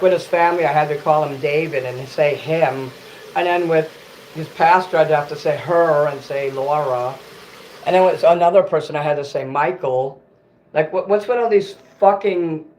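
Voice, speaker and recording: A man's voice: on the high side, moderate pace, darkish tone, slight background noise. A man on a casual livestream, ranting bitterly and cursing, often stopping to correct himself. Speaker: livestream host.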